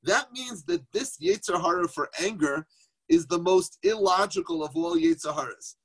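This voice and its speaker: A man's voice: high-pitched, very animated, normal speed, vocal fry, a bit bright, breathy edge. A man teaching Torah informally on a group phone call, conversational, asking rhetorical questions and mixing in Yiddish and Hebrew terms.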